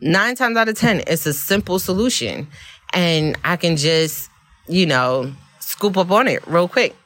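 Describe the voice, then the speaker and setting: Low-voiced woman telling a candid story. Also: measured pace, no echo. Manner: candid and expressive, with frequent laughs. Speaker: podcast host. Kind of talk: reflective personal storytelling.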